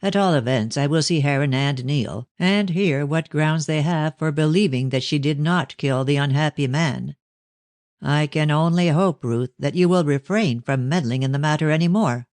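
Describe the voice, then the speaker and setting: A stern, cold elderly father, measured and severe, as a man voices him in an audiobook. The sound is close and dry. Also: a little high, a little mellow, no echo, natural voice. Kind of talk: audiobook character reading.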